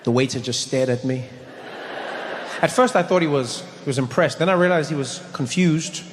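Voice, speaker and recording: Stand-up comic, animated storyteller, high voice, echoey live hall. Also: male voice, normal speed, background noise. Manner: animated, shouting punchlines. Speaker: stand-up comedian. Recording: echoey hall, loud audience ambience.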